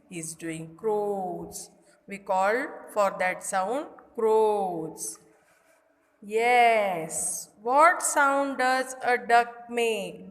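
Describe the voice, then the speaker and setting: Woman kindergarten teacher, very slow and patient, simple repeated lines, imitates animal noises, recorded in a reverberant room. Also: a little high. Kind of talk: recorded lesson for young children. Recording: echoey room with long reverb.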